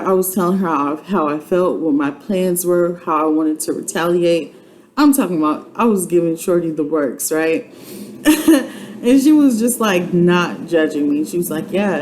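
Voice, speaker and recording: A woman's voice: fairly low pitch, a little mellow, rough recording. A woman giving a casual, heartfelt testimony, chatty and earnest, often repeating herself and using many fillers. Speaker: vlogger sharing a personal testimony. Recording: clear background noise.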